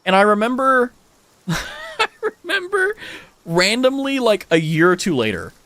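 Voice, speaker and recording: Lively young American man chatting on stream. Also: very high-pitched, measured pace, no room sound. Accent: General American. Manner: animated storytelling, frequent swearing, many fillers. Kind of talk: casual chat with stream viewers.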